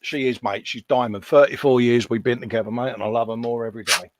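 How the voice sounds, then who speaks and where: A man's voice: mid-range voice, steady tone, fast talker, no echo. A man in his fifties chatting casually on a live stream, self-mocking and jokey, calling everyone mate. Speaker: co-host.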